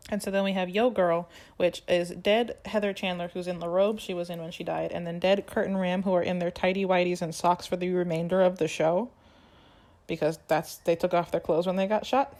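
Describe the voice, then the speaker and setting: A young woman chatting casually on a podcast, retelling a musical's plot with lively quoted lines. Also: on the low side, brisk. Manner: animated storytelling, acts out quoted lines. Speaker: podcast co-host. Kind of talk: casual chat recapping a musical.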